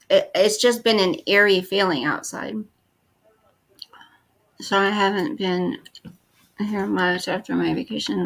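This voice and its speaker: Slow-talking bright woman in her fifties. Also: medium pitch, creaky. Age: 50s. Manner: chatty, reads and answers viewer comments. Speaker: livestream host. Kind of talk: casual livestream chat.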